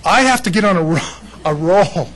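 A middle-aged American man preaching a sermon, telling personal stories in an animated way and often laughing. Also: high-pitched, normal speed, rough recording. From United States. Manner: animated storytelling, laughs often, shifts between loud and hushed. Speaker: pastor.

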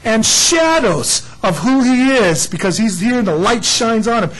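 Husky, emphatic preacher man. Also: sits high, measured pace, low-quality recording. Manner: emphatic, animated preaching that voices God in asides. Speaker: pastor. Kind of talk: sermon.

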